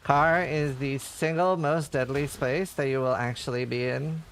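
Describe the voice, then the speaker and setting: A man's voice: medium pitch, steady tone, unhurried, a bit bright, a little hiss or hum. A male streamer telling stories in casual livestream chat, rambling with lots of fillers. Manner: rambling storytelling, heavy on fillers.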